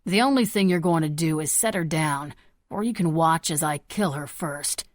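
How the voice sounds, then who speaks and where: A woman's voice: deep voice, normal speed, no echo, natural voice. A woman voicing a jittery, violent young man, crude and menacing, in a dry audiobook recording.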